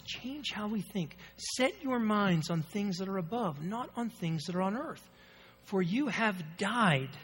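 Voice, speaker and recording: A man's voice: high-pitched, slight background noise. A man preaching a sermon with a congested, nasal voice from allergies, telling stories and reading scripture with strong emphasis. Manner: storytelling, rising and falling emphasis, reads scripture slowly. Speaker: pastor.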